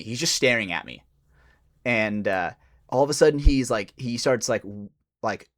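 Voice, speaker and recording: A young man, a podcast co-host, telling a story in casual chat, swearing and acting out the people he quotes. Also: mid-range voice. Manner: animated, swearing, acts out quoted voices.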